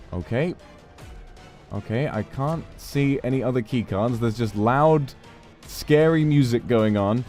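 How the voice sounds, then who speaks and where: A male streamer giving animated gameplay commentary, swearing and yelling at the game. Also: medium pitch.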